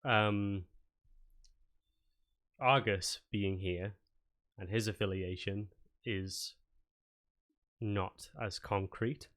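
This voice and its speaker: A man narrating as game master, talking in a hesitant, low-key way. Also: fairly even intonation, drawn-out words, long pauses, a bit bright. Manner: hesitant, many fillers and restarts, low-key.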